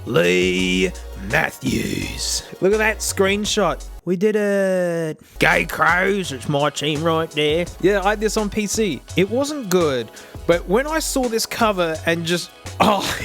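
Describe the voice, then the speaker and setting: An Australian man hosting his own channel, chatting casually in an excitable, slangy way and chuckling often. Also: sits high, creaky. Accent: South Australian. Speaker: tech channel host. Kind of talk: casual vlog talk to camera.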